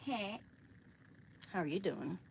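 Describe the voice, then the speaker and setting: A woman's voice: medium pitch, expressive, takes it slowly, gravelly, a little hiss or hum, low-quality recording. A woman from Oregon chatting casually on a livestream, rambling and greeting viewers by name. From Oregon, USA.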